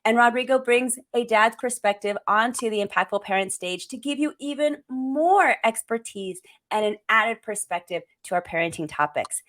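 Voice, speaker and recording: A woman's voice: a little high, moderate pace, few pauses, a bit bright. A middle-aged woman hosting a parenting show, thinking aloud in a reflective, conversational way. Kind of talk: conversational podcast talk.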